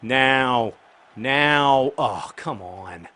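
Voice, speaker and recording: A man rambles and jokes while commenting casually over a football video game, breaking into sudden bursts of excited shouting. His voice is mid-range, and he draws out his words.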